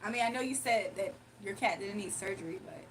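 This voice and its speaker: A woman's voice: medium pitch, a little fast, distant mic, a little hiss or hum. A young woman hosting a casual livestream, chatting, laughing often and reading viewers' comments aloud. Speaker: livestream host doing readings.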